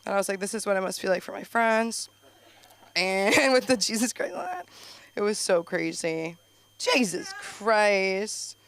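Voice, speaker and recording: With a clear, resonant mid-range voice at a moderate pace, this young LA comic performs at an open mic. Her set wanders and pokes fun at herself, crammed with "like," broken by her own laughter and abrupt loud yelps.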